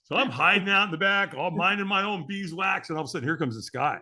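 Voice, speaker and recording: A man's voice: high-pitched, quick pace, pushed and bright. A middle-aged man, a podcast guest, telling a story with energy and acting out the voices of the people in it. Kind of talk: animated storytelling.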